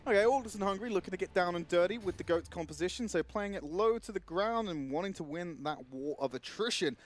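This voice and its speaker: A man with a high-pitched voice calls an esports match play by play. He gets excitable and jumps to shouts when a fight breaks out. He talks into a headset. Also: fast. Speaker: esports commentator. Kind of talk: live play-by-play commentary.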